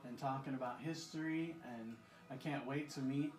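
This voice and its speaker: A man's voice: medium pitch, fairly even intonation, normal speed, a little mellow. Upbeat male interviewer in a roomy space. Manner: upbeat, enthusiastic, repeats words. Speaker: interviewer, event organizer. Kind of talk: casual interview. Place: a shop, indoors. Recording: roomy echoey sound.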